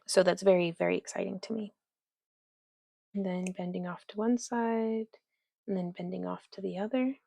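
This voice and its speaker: Lady crafting on a livestream, gravelly voice, real dry close sound, chatty. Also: medium pitch, fairly even intonation, moderate pace, long pauses, dark tone, dry recording. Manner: chatty, reads viewer comments aloud, talks to her dog. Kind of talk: casual crafting livestream chat.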